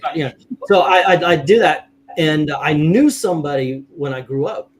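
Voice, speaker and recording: A middle-aged man hosting a casual livestream chat, rambling with halting restarts and chuckles. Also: fairly high pitch. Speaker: host.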